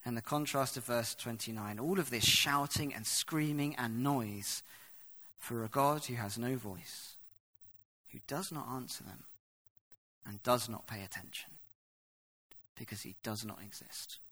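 A man preaching a sermon, reading scripture aloud and explaining it, swinging from hushed to loud. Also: medium pitch, measured pace.

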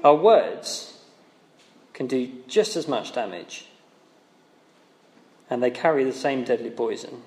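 Conversational preacher in an echoey hall. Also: male voice, mid-range voice, animated, slow pace, long pauses, darkish tone. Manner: conversational, asks rhetorical tag questions. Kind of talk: sermon.

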